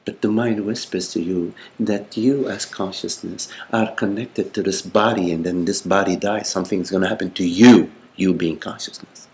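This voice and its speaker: An older man, a spiritual teacher, speaking gently in a meditative question-and-answer talk, with halting, repetitive phrasing and frequent "you see.". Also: low-pitched, steady tone.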